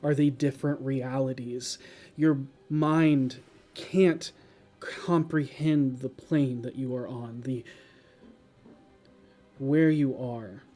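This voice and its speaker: A man running a tabletop game as dungeon master, narrating the scene slowly with many pauses and fillers. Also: medium pitch, fairly even intonation, dark tone, soft background music.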